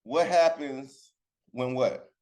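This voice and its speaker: A man's voice: medium pitch, takes it slowly, a little mellow. Chatty man teaching a Bible lesson. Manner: chatty, keeps asking the group "right?". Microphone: video call.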